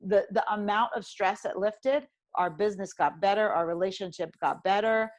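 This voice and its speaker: A woman's voice: medium pitch, moderate pace. A middle-aged woman, a financial professional telling a candid personal story and acting out the dialogue.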